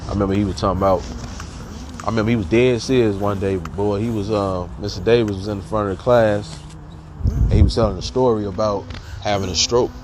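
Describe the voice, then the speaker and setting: A man's voice: on the low side, steady tone, brisk, background noise. Laid-back man telling stories. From Chicago. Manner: laid-back, profane, joking. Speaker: podcast host. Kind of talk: casual storytelling.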